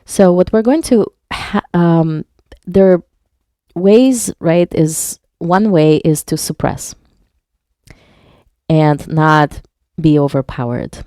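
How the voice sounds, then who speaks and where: A woman's voice: low-pitched, slow, mellow, no room sound, studio quality. A woman hypnotherapist leading a live online workshop, reading viewers' chat aloud and explaining patiently, with some wordplay. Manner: plays on words while teaching.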